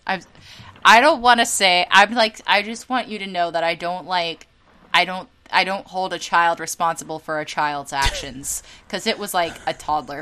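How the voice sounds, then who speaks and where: A woman's voice: on the low side, slight background noise. A young woman from Northern California, co-hosting a podcast and telling a comic everyday story with dramatic, swearing asides. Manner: animated, dramatic, swears and laughs often. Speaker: podcast co-host. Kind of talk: casual storytelling chat.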